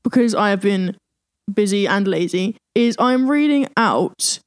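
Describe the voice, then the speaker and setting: A woman co-hosting a podcast, relaxed and blunt, with sweary reactions. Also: mid-range voice, unhurried, no room sound, clean studio sound. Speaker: podcast co-host. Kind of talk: casual chat.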